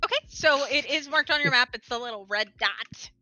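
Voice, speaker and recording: A woman's voice: sits high, brisk, music in the background. A woman narrating as game master of a tabletop game, casual and laughing often.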